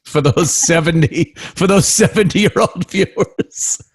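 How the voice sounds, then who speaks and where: A man's voice: fairly high pitch, husky. A man co-hosting a comedy podcast, teasing dryly in casual banter and laughing easily. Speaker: podcast co-host.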